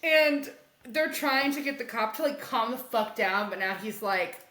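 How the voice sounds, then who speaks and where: A young woman podcast co-host recapping a comic in casual chat, animated and laughing as she acts out the characters' lines. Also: on the high side, measured pace. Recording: echoey room.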